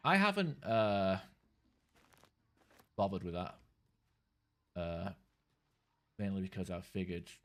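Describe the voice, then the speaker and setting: A man's voice: sits low, sing-song, slow pace, pauses often. A man giving casual commentary while playing a video game, rambling in stop-start bursts, swearing freely and chatting with viewers. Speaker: gaming streamer.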